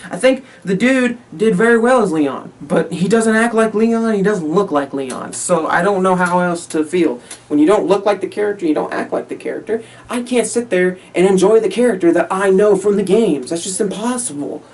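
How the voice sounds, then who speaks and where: A man's voice: high-pitched, expressive, normal speed, hardly any pauses. A man giving a casual spoken movie review, ranting in exasperation, repeating himself, swearing often and laughing between points. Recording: voice a little far from the mic.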